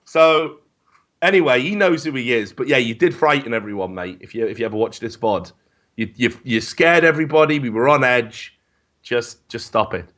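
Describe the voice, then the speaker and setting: A man telling stories in casual podcast chat, animated and profane, often stammering as he starts. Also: medium pitch, normal speed. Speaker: esports commentator guest.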